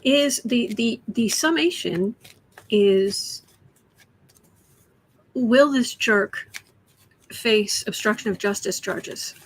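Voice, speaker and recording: A woman hosting a casual tarot livestream from home, chatty, often dropping to soft whispers. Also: mid-range voice, a little hiss or hum. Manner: chatty, soothing her cat in soft whispers between remarks. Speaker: astrology and tarot livestream host. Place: home room.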